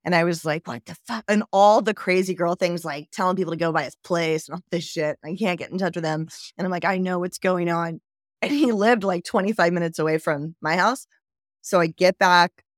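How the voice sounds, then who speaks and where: A woman's voice: fairly low pitch, brisk, no room sound, clean studio sound. Candid woman telling a raw personal story. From southern United States. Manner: candid, animated retelling with quoted dialogue and laughs. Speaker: guest.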